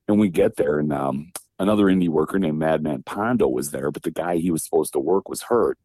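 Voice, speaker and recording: A man from Wisconsin, a former wrestler, telling stories in a casual interview, lively and acting out the voices of people he quotes. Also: very deep voice, brisk, husky. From Wisconsin, USA. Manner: animated storyteller, acts out quoted voices, laughs often. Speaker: guest, former pro wrestler.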